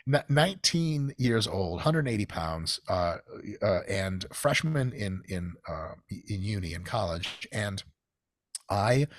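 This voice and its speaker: An American man with a husky, lowish voice tells a gym story in a loose, swearing podcast conversation. His pitch swings widely as he builds the tale, and the sound is close and dry. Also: no room sound. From United States. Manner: profane, storytelling, animated. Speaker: guest. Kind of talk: casual podcast chat.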